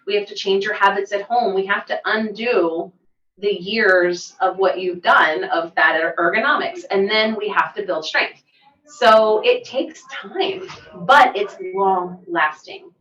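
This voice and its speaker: Middle-aged woman yakking on a podcast, lively storyteller, sounds far off in an echoey room. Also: mid-range voice, measured pace. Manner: animated storyteller, laughs easily. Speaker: podcast co-host, massage therapist and physical therapy assistant. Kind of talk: casual podcast chat. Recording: roomy, distant, dull mic sound.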